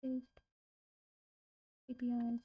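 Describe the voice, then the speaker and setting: A woman's voice: fairly high pitch, monotone, very slow, breathy edge, no echo, muffled recording. A woman making real estate cold calls on a livestream, chatting casually and bluntly to herself in slangy language.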